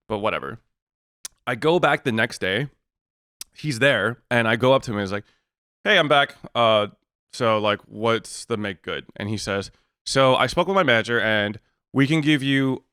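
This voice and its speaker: A man's voice: mid-range voice, animated, brisk, fairly bright tone, smooth, no echo, studio quality. A man co-hosting a podcast, retelling a story in casual chat, acting out both sides of the exchange and swearing in exasperation. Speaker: podcast co-host.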